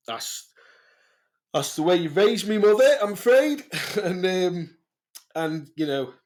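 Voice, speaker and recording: Man, English accent, middle-aged, podcast host, rambling, sweary, laughs a lot. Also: medium pitch. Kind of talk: casual rambling chat.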